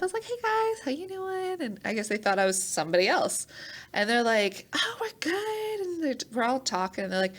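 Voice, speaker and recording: A young woman, a champion athlete, telling stories in a casual interview, animated and acting out quoted voices with laughter. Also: on the low side. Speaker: Olympic hammer thrower, podcast guest.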